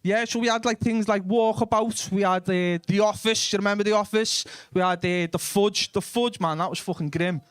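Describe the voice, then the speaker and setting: A young Liverpool comedian doing stand-up with a blunt, sweary delivery, often talking back and forth with the audience. His voice sits fairly high for a man. The sound is dry and close, with little room in it. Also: fairly even intonation, a little fast, few pauses, smooth, dry recording. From Liverpool, England. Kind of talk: live stand-up comedy with crowd work.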